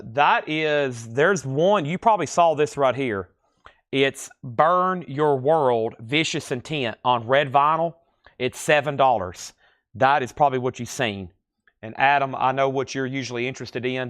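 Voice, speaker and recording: A man with a lilting Tennessee accent hosting a live-stream record sale, reading titles, conditions and prices in a steady, easy patter. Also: mid-range voice, dry recording, studio quality. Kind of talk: live-stream auction selling.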